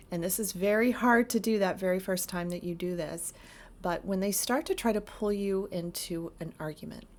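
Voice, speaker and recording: A woman therapist talks straight to camera, earnest and emphatic as she piles up lists to drive her advice home. Her voice sits a little on the low side. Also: darkish tone. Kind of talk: direct-to-camera advice talk.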